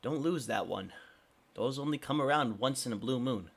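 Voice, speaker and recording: A man's voice: medium pitch, normal speed, vocal fry. A man voicing a small, friendly male shopkeeper who is an eager salesman with a chirpy manner. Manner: chirpy, eager, rising excitement.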